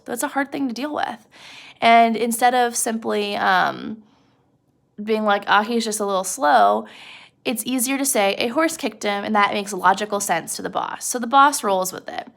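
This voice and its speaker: A woman's voice: medium pitch, normal speed, gravelly, fairly bright tone. A young woman teaching a literature lesson in a chatty, casual way, addressing the listener directly and using lots of fillers.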